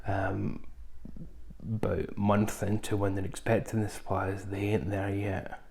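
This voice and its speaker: A man's voice: on the low side, completely flat delivery, a little slow, vocal fry, darkish tone. A man reviewing films in a casual, rambling way, full of ums and asides. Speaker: film reviewer. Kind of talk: casual film review chat.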